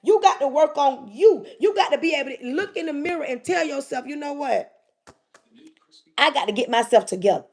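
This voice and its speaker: A woman's voice: sits high, creaky. A woman hosting a livestream, giving an emphatic, preachy motivational talk and calling out straight to her listeners. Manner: emphatic, repetitive, calls out to listeners directly. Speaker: livestream host.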